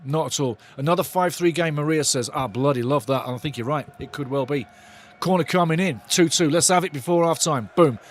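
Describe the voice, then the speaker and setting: Man, live fan commentary, watch-along host, excitable, sweary, slightly high voice. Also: a little fast. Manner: excitable, loud and sweary, talks to viewers in chat.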